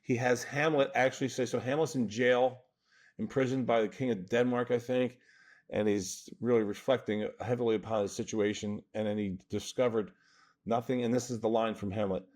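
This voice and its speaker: A mid-pitched man from New Jersey, this coach is a guest explaining mental toughness in a podcast interview. His tone is steady and darkish, his pace moderate. Earnest and emphatic, he often checks in by asking "right?"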